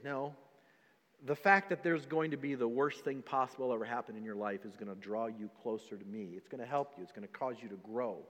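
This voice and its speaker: In a church hall with a long reverb tail, a pastor preaches a sermon, reading scripture aloud in old-fashioned wording and acting out the doubting voices of listeners in the story. His mid-range voice sounds brisk and a bit bright.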